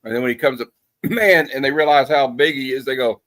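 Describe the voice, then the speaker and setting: A man's voice: mid-range voice, brisk, fairly bright tone, dry recording. A man hosting a casual movie review, telling a story in a loose, rambling way full of fillers and restarts. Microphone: streaming setup.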